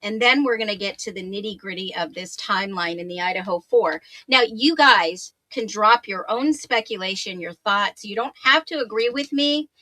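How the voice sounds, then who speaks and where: A woman hosting a true crime livestream, chatty and upbeat, laughing often and greeting viewers by name, her voice a little hoarse. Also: medium pitch, normal speed, few pauses, pushed and bright. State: slightly hoarse voice. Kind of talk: casual livestream chat, reading viewer comments.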